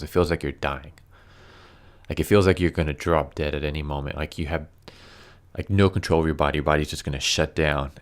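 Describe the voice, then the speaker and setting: A man talking casually and earnestly to camera, halting often with fillers and restarts. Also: very deep voice, smooth. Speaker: YouTuber reviewing comics. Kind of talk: casual personal commentary.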